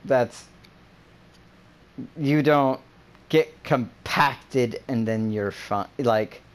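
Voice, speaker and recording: A man's voice: mid-range voice, extremely slow. Guy rambling casually, lots of you-knows, swears a bunch, gets worked up. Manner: rambling, profane, animated rants. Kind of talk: casual chat.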